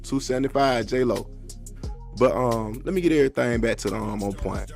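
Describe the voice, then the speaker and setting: A man with a gravelly, creaky voice hosts an unscripted podcast, drifting through loose slang with plenty of fillers and asides. Faint music plays under him. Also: medium pitch, normal speed, a little mellow. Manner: loose, rambling, drawling slang with many fillers. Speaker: podcast host. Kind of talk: casual unscripted podcast talk.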